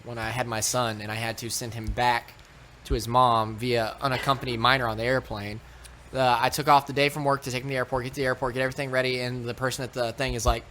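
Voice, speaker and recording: Man, animated and swearing, casual podcast chat, faint room noise. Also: mid-range voice, fast talker. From Texas. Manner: animated, swearing, acts out quoted voices. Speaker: podcast co-host.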